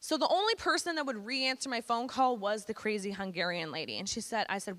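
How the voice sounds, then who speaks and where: A woman's voice: mid-range voice, expressive, fairly quick, bright, forceful tone. A woman in her thirties from Canada gives a candid, blunt, casual personal testimony to students as a guest speaker in a school hall. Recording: echoey hall.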